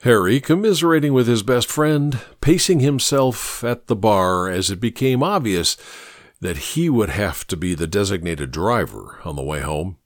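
A man reading a story aloud in a measured storytelling manner. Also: lowish voice, expressive, dry recording, studio quality. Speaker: narrator. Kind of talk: audiobook narration.

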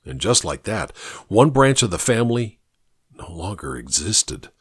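Animated male audiobook narrator. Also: deep voice, husky, no echo, studio quality. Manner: measured storytelling.

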